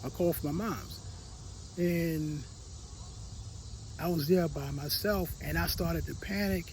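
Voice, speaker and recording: High-voiced man telling a personal story. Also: measured pace, a little hiss or hum, poor audio. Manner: emotional, repeats words, drops to quiet, stumbles on restarts. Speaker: motivational speaker. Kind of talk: personal story, motivational talk.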